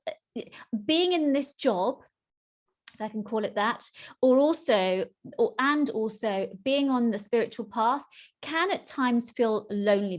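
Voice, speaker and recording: Woman, middle-aged, podcast host, spiritual coach, heartfelt, earnest, drawn-out emphasis, mid-pitched voice. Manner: earnest and heartfelt, dwelling slowly on key words. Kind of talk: solo podcast chat.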